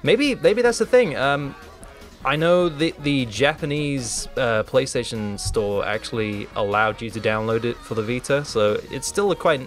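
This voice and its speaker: Man, mid pitch, relaxed and hesitant, casual gaming chat. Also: measured pace, soft background music. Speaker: podcast co-host.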